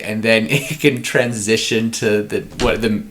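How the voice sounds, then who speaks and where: A man hosting a podcast, pitching story ideas in a rambling casual chat with frequent laughs. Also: fairly even intonation, unhurried, fairly bright tone. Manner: rambling, laughs often, acts out scenes.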